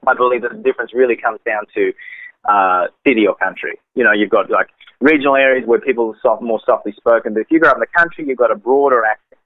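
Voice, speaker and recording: A man's voice: medium pitch, fast, no echo. A man from Australia with an Australian accent, a musician chatting casually as an interview guest over the phone. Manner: chatty, laughing easily, multitasking. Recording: tinny dry phone line.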